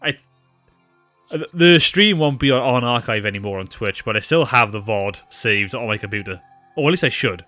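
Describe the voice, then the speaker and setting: A man's voice: mid-range voice, expressive, moderate pace, pushed and bright, no echo, faint music behind. A man, chatting casually on a game stream and rambling through anecdotes with plenty of fillers. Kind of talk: casual live-stream chat.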